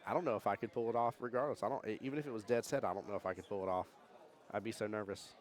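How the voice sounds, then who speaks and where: A man giving jokey, animated live commentary on a pool tournament and reading chat comments aloud. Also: lowish voice, very fast. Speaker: pool match commentator and streamer. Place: pool hall during a tournament.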